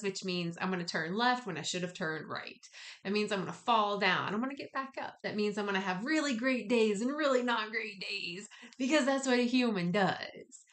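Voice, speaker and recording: A spiritual wellness teacher leads listeners through a spiritual practice in a casual spoken guided talk. Her medium-pitched voice is easygoing and gently encouraging, sprinkled with slangy asides.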